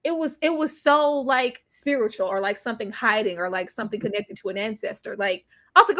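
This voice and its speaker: A woman co-hosting a casual movie review chat, emphatic and animated, acting out lines of dialogue as she talks. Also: on the high side, fairly quick. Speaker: podcast co-host.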